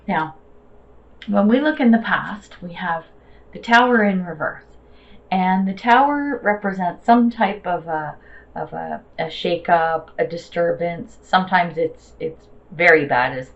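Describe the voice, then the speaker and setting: A woman's voice: fairly low pitch, muffled recording. A woman giving a casual tarot reading, chatty and reassuring, with loose fillers and slang. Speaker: tarot reader.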